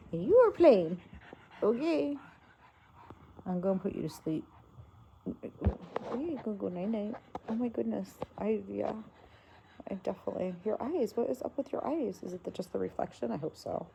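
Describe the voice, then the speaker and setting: A woman chatting softly to her pets and viewers in doting baby talk, sometimes singing a lullaby. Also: medium pitch, animated, moderate pace, vocal fry, long pauses, slight background noise. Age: adult with a daughter. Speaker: pet vlogger. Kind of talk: casual chat to pets and viewers.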